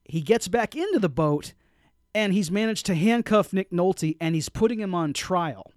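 A man co-hosting a casual movie review chat, animated and indignant, often stumbling and restarting his sentences. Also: high voice, moderate pace, dry recording, clean studio sound. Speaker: podcast co-host.

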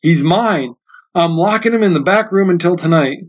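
Guy reading out a mean bossy storekeeper, mocking, kinda high voice, muffled lo-fi sound. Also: moderate pace. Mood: menacing. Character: cold domineering man holding a boy to a contract. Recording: dull lo-fi sound.

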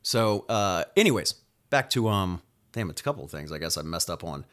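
Male nurse hosting a solo podcast rant: angry, cocky, sweary, talks in rapid bursts. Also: deep voice, sing-song, a bit bright. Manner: angry, profane, rapid-fire venting.

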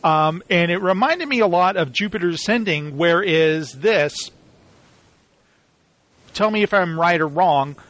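A man's voice: sits high, measured pace, long pauses, no room sound. A man in casual chat, talking at length and acting out quoted lines. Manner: rambling, animated, acts out quoted lines. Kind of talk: casual chat about TV shows.

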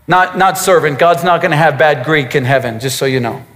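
A man's voice: a little high, animated, moderate pace, a bit bright, in a large hall. A man preaching a sermon as a pastor, emphatic, with repetitions and asides to his congregation.

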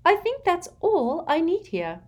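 A woman voicing a prim, sugary middle-aged woman inspector who talks in a high, sweetly menacing way. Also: huge pitch swings, a little slow, a little mellow, exaggerated voice. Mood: sugary menace.

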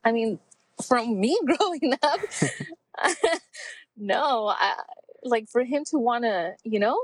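A woman in her forties speaking candidly as an interview guest, heartfelt and reflective, pausing often with fillers. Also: fairly high pitch, animated, husky, no room sound, poor audio. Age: 40s. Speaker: podcast guest.

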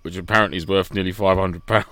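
A man's voice: low-pitched, steady tone, fast talker, bright, forceful tone, dry recording. A man trading jokes and teasing in casual podcast banter.

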